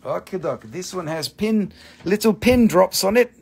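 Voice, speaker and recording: A man's voice: high voice, lively intonation, normal speed, gravelly, darkish tone, breathy edge. A man casually hosting a live-stream crystal sale, joking around, swearing loosely and repeating himself. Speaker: host selling crystals.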